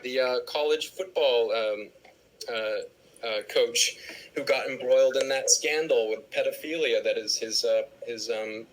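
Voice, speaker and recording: A man's voice: mid-range voice, fairly bright tone, low-quality recording. A man actor on a fan panel, talking casually and hesitating with many fillers.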